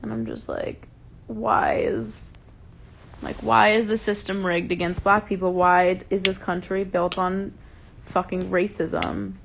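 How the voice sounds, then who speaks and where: Young woman venting on a phone live stream, fired up and cursing, kinda raspy fry, slight hiss. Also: mid-range voice, flat delivery, slow pace, a bit bright. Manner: passionate, heated ranting with frequent swearing. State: upset and enraged. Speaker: livestream host. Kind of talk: casual livestream chat.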